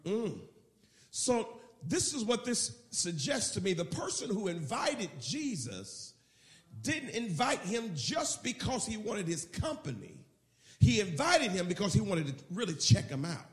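A male pastor preaching in an animated, storytelling way, his fairly high voice rising and falling widely. The sound is roomy, with the echo of a church hall around him. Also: a little slow. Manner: animated, acts out the scene in storytelling. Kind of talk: sermon.

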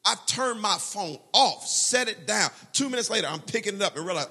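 A man preaching a sermon as pastor, animated, quoting prayers and scripture. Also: sits high, brisk, slightly rough.

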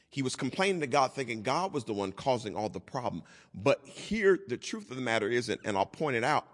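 A man preaching a Bible study sermon, swinging from loud emphatic lines to hushed, slow ones. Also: medium pitch. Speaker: pastor. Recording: long hall reverb.

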